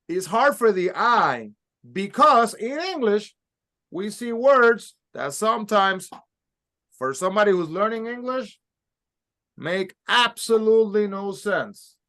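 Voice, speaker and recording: Man, high voice, patient step-by-step pronunciation lesson. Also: animated, takes it slowly, bright, forceful tone. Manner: patient, explains step by step, models sounds. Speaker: Spanish teacher. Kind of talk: recorded language lesson.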